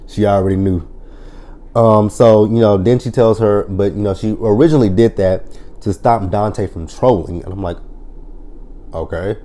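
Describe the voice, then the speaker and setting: Reviewer, male: low, mellow voice, swears freely, retells scenes with lively quoted lines. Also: moderate pace. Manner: profane, blunt storytelling. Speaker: TV show reviewer. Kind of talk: casual episode recap review.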